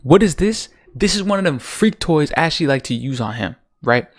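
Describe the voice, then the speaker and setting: A man's voice: on the high side, lively intonation, a little fast. A man ranting casually about a TV show's finale, profane and exasperated, full of rhetorical questions. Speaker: TV show commentator.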